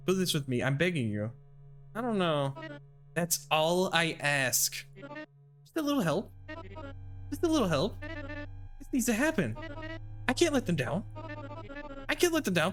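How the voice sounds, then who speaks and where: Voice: mid-range voice, sing-song, a little slow, pauses often, soft background music. A role-player voicing a witch teacher who begs for help with her coven's ritual, pleading one moment and coldly insistent the next. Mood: desperate. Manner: begging, flustered, then coldly insistent. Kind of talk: tabletop role-play.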